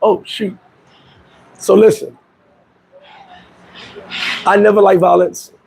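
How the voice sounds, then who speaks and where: Raspy high-voiced man telling a story. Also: slow pace, poor audio. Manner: animated storytelling, acts out quoted voices. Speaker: vlog host. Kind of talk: casual commentary. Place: Dominican Republic.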